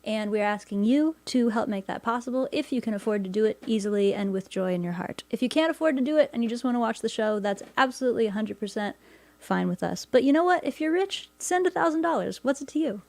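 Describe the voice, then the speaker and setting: A woman hosting her own livestream concert, chatting casually and wryly between songs, with quick quips and quiet asides. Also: a little high, animated, dry recording. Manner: wry, joking, talks fast and drops to a quiet aside. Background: guitar playing.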